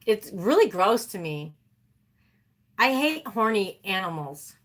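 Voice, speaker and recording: A woman's voice: mid-range voice, big pitch swings, slow. A woman chatting casually and animatedly with her livestream viewers, laughing often. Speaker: livestream host.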